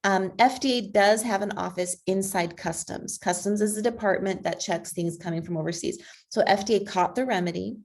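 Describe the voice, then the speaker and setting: A woman speaking as a guest on a video call, persuasive and energetic, with frequent fillers. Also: mid-range voice, fairly quick, few pauses. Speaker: guest speaker, advocacy group president. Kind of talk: conversational online talk.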